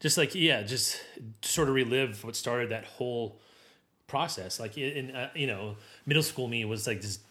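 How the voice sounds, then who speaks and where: A man's voice: mid-range voice, moderate pace, pushed and bright. A man chatting casually, rambling with many restarts and fillers. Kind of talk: casual chat.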